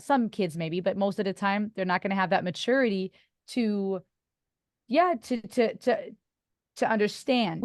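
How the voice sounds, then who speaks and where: An earnest woman hosting a podcast interview, her first language German. She muses reflectively and laughs easily. Her voice sits at a middle pitch and sounds dry and close. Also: no room sound. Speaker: podcast host.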